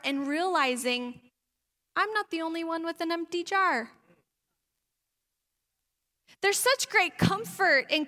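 A woman's voice: high voice, bright, forceful tone. A woman pastor giving a conversational sermon, reading scripture and acting out little asides. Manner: conversational preaching with acted asides. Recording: long hall reverb.

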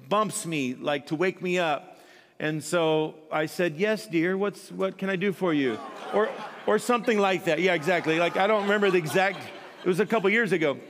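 A man's voice: on the high side, a bit bright, big-room sound. A man preaching as a guest pastor, telling a humorous, self-mocking story and laughing at himself. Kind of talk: storytelling sermon.

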